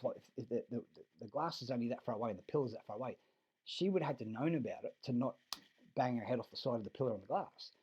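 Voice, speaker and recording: A man's voice: medium pitch, a little mellow, husky, lo-fi sound. A man with an Australian accent telling a long, rambling story in a casual monologue, swearing freely and restarting his sentences often. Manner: rambling and profane, many restarts.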